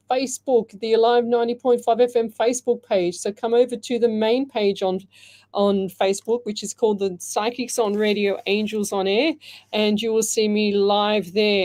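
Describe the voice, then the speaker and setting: Mellow-voiced woman radio host. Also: medium pitch. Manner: chatty, rambling, many fillers and restarts. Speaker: radio host and psychic medium. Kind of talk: live radio call-in chat. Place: radio studio. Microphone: headset.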